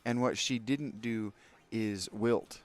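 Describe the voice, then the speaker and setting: Hosting his own gameplay video, a man with a fairly low, steady voice speaks slowly, candid and opinionated. Between moments of play he drifts into rambling asides directed at his viewers.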